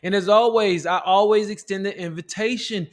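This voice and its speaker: A man with a notably high speaking voice delivers a motivational self-help talk straight to his viewers. He preaches in a repetitive, rallying way and keeps coming back to the same catchphrases. At times he climbs higher and louder, close to shouting. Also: steady tone, moderate pace. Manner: preachy, repeats "family" and "look", builds to shouting climaxes. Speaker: motivational teacher.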